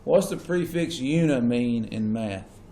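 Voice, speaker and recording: A man's voice: medium pitch, animated, a little slow, warm tone. Male teacher, patient lecture that keeps checking on the class, echoey classroom with a faint hum. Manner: checks in with students often.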